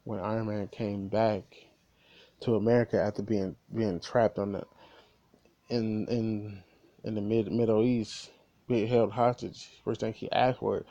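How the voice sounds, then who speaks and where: Brief: male movie reviewer, lowish warm voice, animated scene-by-scene retelling with stumbles. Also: measured pace, dull audio. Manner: animated retelling, frequent restarts and repeated words. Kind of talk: casual spoiler recap.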